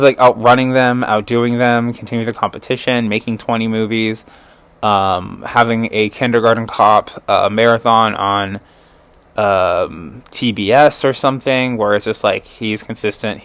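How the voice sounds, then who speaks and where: A man's voice: on the low side, steady tone, a little slow, fairly bright tone, clean tone. A man giving a casual astrology chart reading as a tarot reader. He rambles, fills his talk with "like" and "um", and adds chuckling asides.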